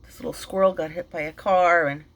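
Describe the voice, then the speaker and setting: A middle-aged woman telling an emotional personal story, halting, with many fillers and restarts, and sounding tearful and shaken. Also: fairly low pitch, steady tone. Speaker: vlogger and mindfulness teacher.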